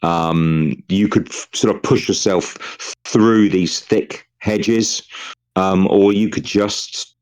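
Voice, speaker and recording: Game master, male, deep register, unhurried narration with many ums. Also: steady tone, a little mellow. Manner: measured, with frequent ums.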